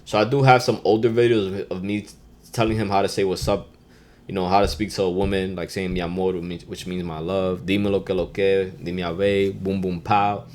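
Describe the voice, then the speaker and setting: A man hosting his own podcast, giving a casual, slangy lesson and calling out Spanish phrases with loud emphasis. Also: low voice, little pitch movement, normal speed, slight background noise. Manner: laid-back street slang. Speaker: podcast host.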